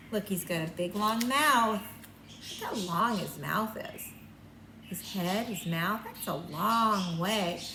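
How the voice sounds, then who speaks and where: An older woman teacher reading a picture book aloud to young children and showing the signs, in a slow, sing-song storytime voice. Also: medium pitch, noisy background. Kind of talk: read-aloud lesson with sign language for children. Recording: echoey room, mic at a distance, faint ambience.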